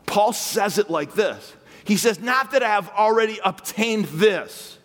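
A man preaching a sermon as a guest pastor, shifting between loud, emphatic lines and low, intimate asides. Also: expressive, measured pace. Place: church sanctuary. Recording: long hall reverb.

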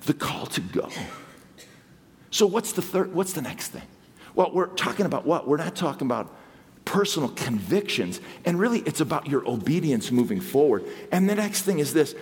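A man preaching a sermon as guest preacher, swinging between excited exclamations and hushed asides. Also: a little high, moderate pace, slightly rough. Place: church sanctuary. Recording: long hall reverb.

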